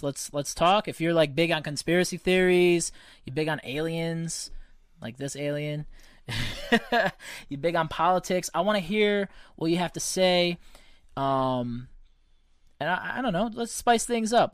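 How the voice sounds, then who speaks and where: Profane, animated male podcast host. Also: on the high side, smooth, no room sound, clean studio sound. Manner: profane, animated storyteller acting out quotes. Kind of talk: casual chat.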